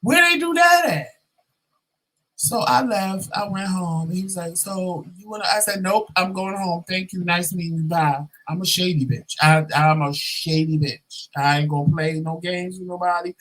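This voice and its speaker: A man's voice: high-pitched, moderate pace, bright, forceful tone, poor audio. A man hosting a vlog, telling a rant story in a sassy, profane, dramatic way and acting out both sides of it. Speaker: vlog host.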